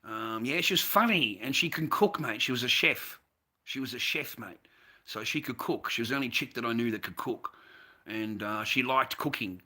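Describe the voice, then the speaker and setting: A man's voice: medium pitch, animated, normal speed, pushed and bright. An Australian man telling a long story in a profane, repetitive, casual monologue. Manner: profane, repetitive, addresses the listener as mate and bro. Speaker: vlogger recounting a story.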